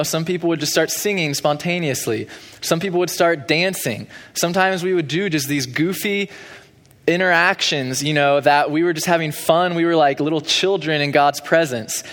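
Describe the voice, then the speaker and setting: A man's voice: a little high, a bit bright. Young man preaching in a big hall. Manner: conversational preaching, frequent fillers. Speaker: pastor. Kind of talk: sermon. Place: church sanctuary. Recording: long hall reverb.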